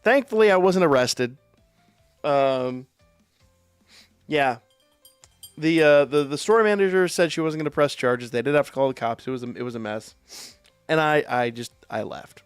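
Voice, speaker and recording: A man streaming live, telling a profane, animated story in a casual way. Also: a little high, moderate pace, long pauses, clear, resonant tone, dry recording, faint music behind. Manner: profane, animated anecdote with quoted voices.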